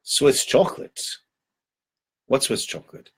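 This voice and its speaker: A man acts out a flustered poor host, eager to please and a little anxious. His welcome comes out bright and bowing, then confused when something is lacking. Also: a little slow, natural voice. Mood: deferential.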